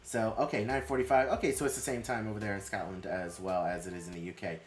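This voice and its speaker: A man's voice: lowish voice, steady tone, fast talker, soft background music. A man hosting a casual live stream, chatting with viewers and reading their comments aloud. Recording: roomy echo.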